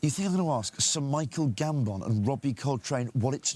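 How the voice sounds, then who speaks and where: A man's voice: mid-range voice, expressive, a little mellow. Playful man asking interview questions. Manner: playful, teasing, halting restarts.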